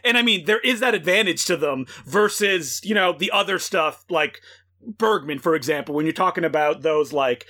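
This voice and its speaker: A man chats about movies on a podcast with animated energy, filling his talk with "like" and acting out his own reactions. His voice runs high for a man. It has a bright, forward edge. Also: normal speed. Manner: animated, lots of "like", acts out reactions. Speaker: podcast co-host. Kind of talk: casual film discussion.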